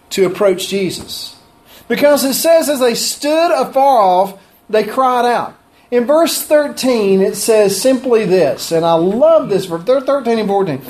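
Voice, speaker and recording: A man's voice: sits high, darkish tone. A man preaching a sermon, reading scripture and explaining it earnestly with emphasis.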